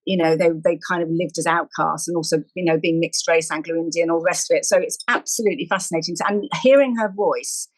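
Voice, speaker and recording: Female podcast co-host, animated and opinionated, dry close-miked sound. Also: on the low side, quick pace, few pauses, no echo, low-quality recording. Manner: animated, opinionated, ranting at times. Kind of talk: casual chat.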